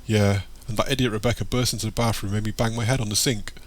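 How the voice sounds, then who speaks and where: A man's voice: on the low side, steady tone, quick pace, a little hiss or hum, natural voice. A man voicing an easygoing, wry young man.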